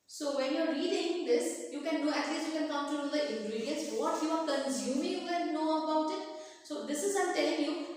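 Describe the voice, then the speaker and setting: A woman teacher gives a class, patiently repeating words to correct pronunciation. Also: sits high. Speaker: English teacher. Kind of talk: recorded online class lesson. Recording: echoey room, voice far from mic.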